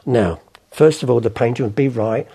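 This older man's gravelly, dark-toned voice sits at medium pitch and keeps a moderate pace. Interviewed about his past as an art forger, he tells rambling stories and acts out the voices of people in them.

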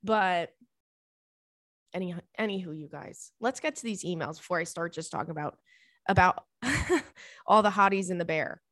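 A woman's voice: on the low side, animated, normal speed, long pauses, fairly bright tone, no room sound, clean studio sound. A young woman hosting a podcast, chatting casually in a rambling, gushing way and swearing freely. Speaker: podcast host. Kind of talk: casual chat.

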